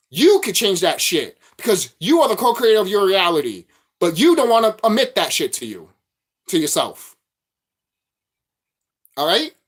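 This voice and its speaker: A man's voice: high voice, a bit bright. A man vlogging a profane, repetitive spiritual rant, preaching straight at his viewers.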